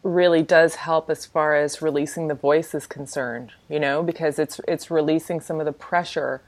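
A woman's voice: low voice, steady tone, moderate pace. A woman hosting an interview, speaking reflectively and laughing often in a casual chat. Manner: reflective, laughs often, many you-knows. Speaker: host and interviewer.

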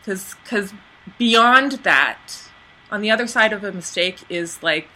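A woman coaching people on camera in a casual webinar, chatty with lots of "like", acting out little scenes in a high voice. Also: a little slow, pushed and bright, a little hiss or hum. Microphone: computer microphone on a webinar.

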